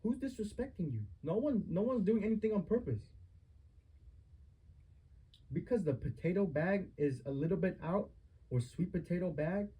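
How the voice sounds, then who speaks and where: A man's voice: high-pitched, dark tone, breathy edge, rough recording. A man giving a family member a heated lecture at home, stern and repetitive as he scolds.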